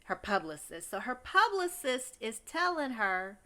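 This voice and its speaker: A woman's voice: fairly high pitch, big pitch swings, unhurried, pushed and bright. A woman recapping a TV episode in a chatty, gossipy way, exclaiming often and talking straight to her viewers. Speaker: TV recap host.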